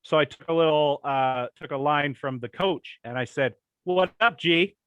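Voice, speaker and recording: A young man co-hosting a podcast, telling rambling crude stories and doing quick impressions in casual comedic chat. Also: medium pitch, steady tone, clear, resonant tone, dry recording, dull audio. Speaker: podcast co-host.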